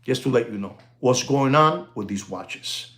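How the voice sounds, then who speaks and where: Excitable man hyping watches. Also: mid-range voice, unhurried. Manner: animated, mixes Spanish exclamations into English, thanks viewers by name. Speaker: watch dealer hosting a live stream. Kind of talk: excited live-stream watch showcase.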